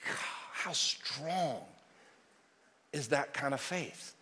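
A man preaching a sermon, moving between loud declarations and quiet storytelling. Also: mid-range voice, lively intonation, extremely slow, husky. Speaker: pastor. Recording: long hall reverb.

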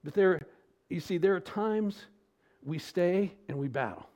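A man preaching an expository sermon as pastor, asking rhetorical questions, his pitch and loudness rising and falling. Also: a little slow.

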